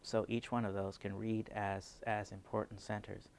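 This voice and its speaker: Gravelly-voiced man explaining planning. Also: fairly low pitch, level tone. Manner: measured, explanatory, with frequent fillers. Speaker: city urban design planner. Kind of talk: conference video interview.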